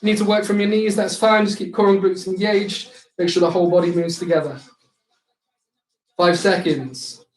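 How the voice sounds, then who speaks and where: A man's voice: sits high, fairly even intonation, normal speed. A young man coaching a live online circuit class, cueing exercises with light banter. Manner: upbeat, instructive cueing with banter. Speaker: fitness instructor. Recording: echoey room.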